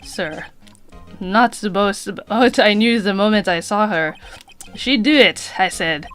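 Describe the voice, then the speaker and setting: A woman voicing a fawning, odd young male hotel bellboy in a put-on French accent, slow and grandiose. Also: mid-range voice, fairly bright tone, clear, resonant tone, soft background music. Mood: boastful.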